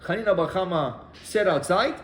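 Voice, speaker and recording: Rabbi w telling a gemara story, slightly high voice, echoey room w faint background noise. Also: male voice, moderate pace. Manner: animated storyteller acting out dialogue, many restarts. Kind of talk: Torah class storytelling.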